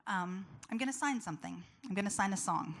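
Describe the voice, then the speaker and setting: A woman's voice: mid-range voice, lively intonation, fairly quick, fairly bright tone. A woman giving an earnest, personal talk to a live audience, chatty and full of fillers. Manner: earnest, conversational, with many fillers. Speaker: public speaker.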